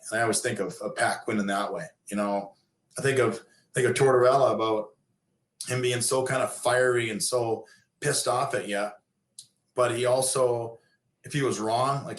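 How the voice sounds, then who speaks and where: A man's voice: mid-range voice, a bit bright. Rambling middle-aged man, roomy sound. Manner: rambling, many fillers and restarts. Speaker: guest, former pro hockey player and coach. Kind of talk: casual storytelling in a podcast interview.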